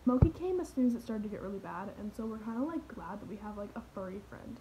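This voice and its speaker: A woman's voice: medium pitch, animated, fast, warm tone, slight background noise, low-quality recording. A teenage girl rambling through a parody vlog in her bedroom, full of fillers and drifting into whispers. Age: teens. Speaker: vlogger.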